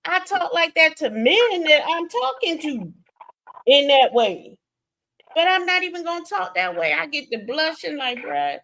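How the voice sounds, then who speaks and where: A young woman with a Southern American accent hosting a casual gossip stream, animated and laughing often, swinging between loud and soft. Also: extremely high pitch, measured pace, vocal fry. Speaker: stream host.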